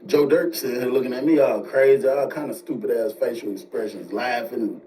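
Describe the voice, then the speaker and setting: Guy telling a story all animated, mellow voice, kinda far from the mic. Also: medium pitch. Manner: animated, slangy, fast asides. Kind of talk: casual storytelling. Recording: distant mic with faint noise.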